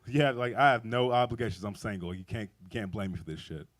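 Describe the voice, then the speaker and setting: Low-voiced man rambling through stand-up. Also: fairly quick. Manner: rambling, profane storytelling with frequent laughs. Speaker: stand-up comedian. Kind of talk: stand-up comedy set. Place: outdoor backyard show.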